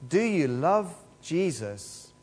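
With a fairly high, darkish and husky voice, this man preaches very animatedly but takes it slowly. He is earnest and keeps repeating his rhetorical questions, all heard through a long hall reverb.

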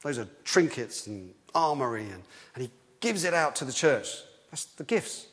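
A man preaching a sermon in a lively, conversational way, often restarting his sentences. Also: medium pitch, normal speed. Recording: long hall reverb.

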